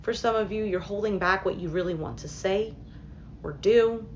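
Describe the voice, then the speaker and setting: A woman's voice: medium pitch, moderate pace, muffled recording, slight background noise. A woman reading tarot cards for her viewers in a casual, thinking-aloud way, with many fillers and asides. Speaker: tarot reader.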